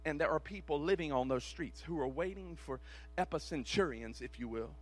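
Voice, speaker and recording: A man pastor delivering a sermon to his church, swinging between shouted calls and hushed, quick asides in a rhythmic, repetitive preaching cadence. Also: a little high, faint music behind. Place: church service.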